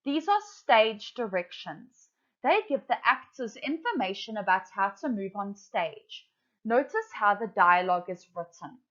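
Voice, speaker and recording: A woman teacher giving an English lesson to children, explaining in a brisk, clear way. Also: medium pitch, animated, a bit bright. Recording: dull lo-fi recording.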